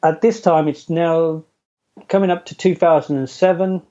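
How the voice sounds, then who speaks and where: Recorded in dull lo-fi sound, a middle-aged man tells his story as an interview guest, speaking at a normal speed in a steady tone. He's chatty, self-deprecating and laughs often, his mellow, dark voice sitting high for a man.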